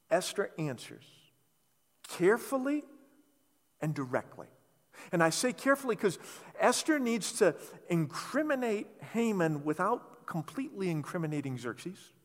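A man preaching a sermon, telling a scripture story in an animated, conversational way. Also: sits high. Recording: reverberant hall.

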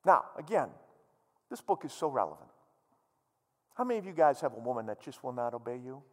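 A man's voice: mid-range voice, sing-song, a little fast, long reverb tail. A male pastor preaching a sermon, joking with the congregation and telling the story theatrically. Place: church hall, live-streamed.

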